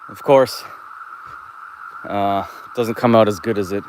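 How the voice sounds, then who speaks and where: A man's voice: fairly low pitch, fairly even intonation, slow, a little mellow, a little hiss or hum. A man live streaming from his phone while walking outdoors, talking in a laid-back, rambling way and swearing freely. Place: outdoors, walking through a park and woods.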